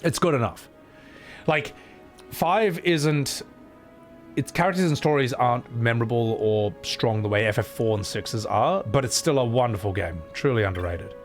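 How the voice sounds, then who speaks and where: A man's voice: mid-range voice, faint music behind. Casual young male game streamer. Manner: casual, self-deprecating, quick asides. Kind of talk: casual gameplay commentary.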